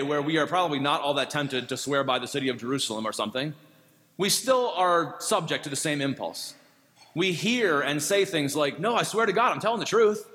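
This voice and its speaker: Man preaching in a reverberant church. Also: mid-range voice. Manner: conversational, gently humorous. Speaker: pastor. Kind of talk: sermon. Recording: long reverb.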